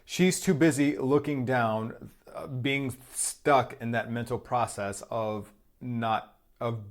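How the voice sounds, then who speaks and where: A man's voice: medium pitch, slow. A man giving a casual spoken tarot reading, rambling loosely, repeating himself and swearing freely. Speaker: tarot reader.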